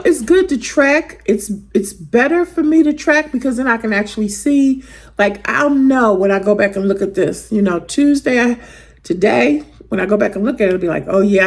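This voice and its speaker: A woman, chatting casually and warmly to viewers in a homey way in her weight loss vlog. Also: a little high. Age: 50s.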